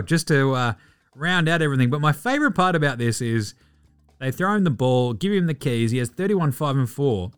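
An Australian man hosting a sports podcast, animated and profane, mocking players with mock outrage. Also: on the high side, clean tone. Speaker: podcast host.

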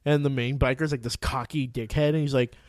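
A man hosting a podcast, telling a story in casual chat, cursing often and acting out quotes with loud yelps. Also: mid-range voice, brisk, no echo, clean studio sound. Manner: profane, excitable storytelling recap. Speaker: podcast host.

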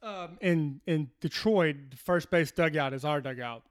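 A man in his thirties from Texas, a baseball pitcher telling stories as a guest in a casual interview, animated and swearing freely. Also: unhurried, smooth.

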